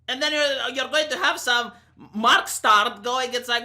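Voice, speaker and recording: A Romanian-accented woman in her thirties holds forth in a vlog rant, sarcastic and swearing freely. Her voice sits a touch high and sounds bright and sharp. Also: expressive, moderate pace. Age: 30s. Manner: heated, sarcastic, profane ranting. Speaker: commentary vlogger. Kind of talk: opinion rant to camera.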